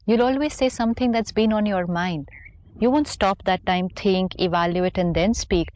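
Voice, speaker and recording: A woman's voice: mid-range voice, moderate pace, darkish tone. A woman speaking as a spiritual teacher on a talk show, explaining her ideas patiently and reflectively.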